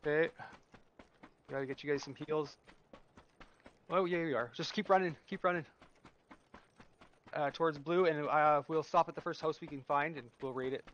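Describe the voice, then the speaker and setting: A man streaming a shooter game with friends, excitable and quick to swear as he calls out plans. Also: fairly high pitch, dull audio, slight background noise. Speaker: streamer playing a battle royale game with friends. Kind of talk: casual gaming chat.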